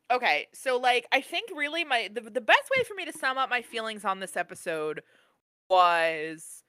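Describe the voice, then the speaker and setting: Bright, excitable podcast co-host, dry mic. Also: medium pitch, clear, resonant tone, no room sound. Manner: rambling, self-interrupting, excitable. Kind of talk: casual chat. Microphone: own mic on a remote call.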